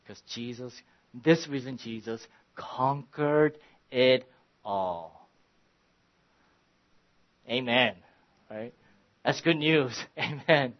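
A man pastor preaching a sermon, earnest and halting at first, then building to emphatic, passionate preaching. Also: mid-range voice. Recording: dull lo-fi recording.

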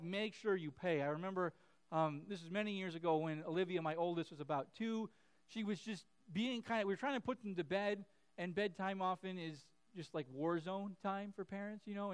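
A pastor in his thirties preaches in a smooth, high-sitting voice. His sermon is chatty, full of fillers and restarts, and he acts out his own voice and his kids' voices when quoting them in his stories.

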